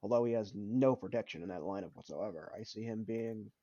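A man's voice: on the low side, brisk, warm tone, no echo, highs cut off. A young adult man co-hosting a casual sports podcast, opinionated and arguing back, often repeating himself. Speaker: podcast co-host.

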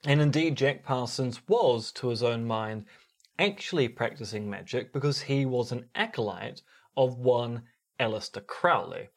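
Man, New Zealand accent, podcast co-host, casual explanatory chat, mid pitch. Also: lively intonation, unhurried. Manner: explanatory, storytelling delivery.

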